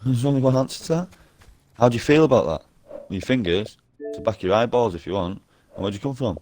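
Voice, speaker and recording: A man in an online game party chat talks without letup through his headset mic, swearing a lot in a conspiratorial tone. His mid-range voice is expressive, brisk and a little mellow, with soft music playing behind him.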